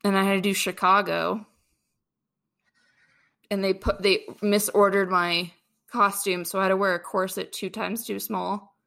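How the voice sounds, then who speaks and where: A young woman hosts a casual podcast chat. Her voice is bright and clear, and she tells stories in an animated, chatty way. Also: medium pitch, unhurried, long pauses. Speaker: podcast host.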